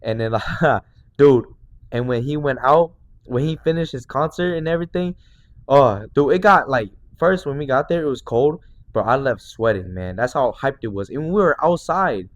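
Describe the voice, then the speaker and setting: A man in his twenties, a podcast host, telling a story in excited, slangy casual chat full of fillers. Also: medium pitch, moderate pace, highs cut off. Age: 20s.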